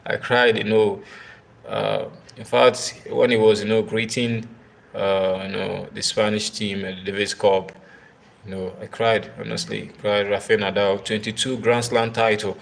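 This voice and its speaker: A man talks tennis on a live video in a low, gravelly voice. He speaks in halting bursts full of fillers and repeated words. He keeps turning to his viewers to ask for their comments. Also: level tone. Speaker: tennis live-stream host. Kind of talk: casual live-stream commentary.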